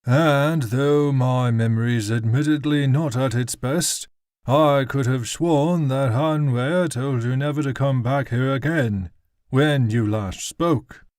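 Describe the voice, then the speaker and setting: A man voicing a drunken, sneering male nobleman who threatens a guardsman in a slow, menacing drawl. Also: medium pitch, darkish tone, no echo, studio quality, pitched above the performer's own voice, lightly acted.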